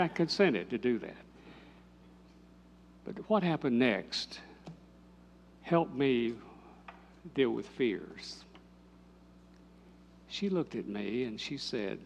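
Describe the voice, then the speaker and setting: An older man, a pastor telling a story in a sermon, moving from lively telling to hushed, intimate speech. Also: medium pitch, takes it slowly, gravelly, long pauses, slight background noise.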